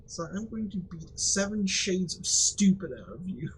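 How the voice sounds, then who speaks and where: A man's voice: sits high, expressive, moderate pace, a little hiss or hum, poor audio. A man giving casual, rambling let's-play commentary, joking, laughing and swearing now and then. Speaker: gaming commentator.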